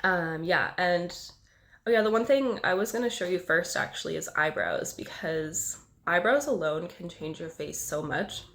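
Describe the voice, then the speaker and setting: A woman's voice: on the low side, normal speed, a bit bright. A young woman vlogger with a cold, sounding nasal and congested, talking casually to camera and rambling self-consciously with lots of filler words. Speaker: beauty vlogger.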